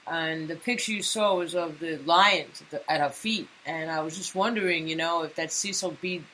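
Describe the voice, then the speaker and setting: A woman's voice: sits low, normal speed, bright, forceful tone, a little hiss or hum, poor audio. A woman co-hosting a talk radio show, chatty and opinionated, with lots of fillers. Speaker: co-host. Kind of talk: casual talk radio banter.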